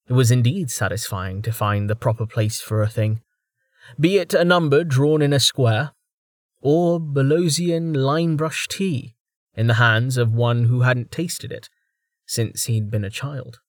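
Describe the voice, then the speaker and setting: A man reads a fantasy novel in a steady, measured audiobook style. His voice sits at an everyday middle pitch, and the close mic gives a dry, echo-free sound. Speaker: audiobook narrator. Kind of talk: audiobook narration.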